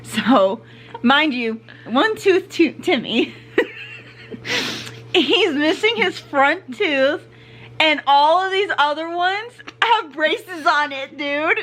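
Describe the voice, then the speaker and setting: A young woman co-hosting a vlog, a little tipsy, giggly and animated as she chimes in to tell a story. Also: high voice, extremely slow. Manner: giggly, animated, jumps in to finish stories. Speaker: vlog co-host. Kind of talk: casual storytelling chat.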